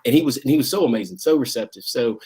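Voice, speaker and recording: A man's voice: medium pitch, expressive, racing, mellow, breathy edge. A man from Southwest Virginia with its country accent, talking casually as a guest in an interview, rambling with lots of fillers and restarts. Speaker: guest, school district director.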